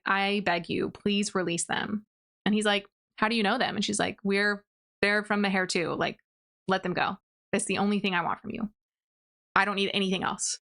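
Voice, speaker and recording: Young woman, booktuber, casual plot recap, filler-heavy, quotes characters in passing, mid-pitch. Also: fairly bright tone. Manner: chatty, many "like"s, acts out quotes in passing. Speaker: book reviewer. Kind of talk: casual rant review, retelling a plot.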